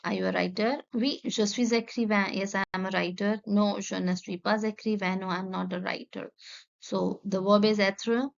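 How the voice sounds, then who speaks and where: A woman teacher, slowly explaining a textbook lesson and repeating each example patiently. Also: medium pitch, fairly even intonation, gravelly. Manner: patient, repeats each sentence, many "okay"s and "uh"s. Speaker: French teacher. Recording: dull lo-fi recording.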